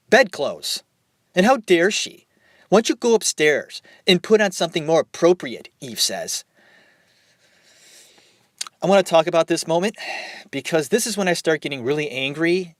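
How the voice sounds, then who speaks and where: A young man hosting a podcast, retelling and reacting to a film in a casual, animated way, swearing and laughing as he goes. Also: a little high, no room sound, studio quality. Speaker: podcast host.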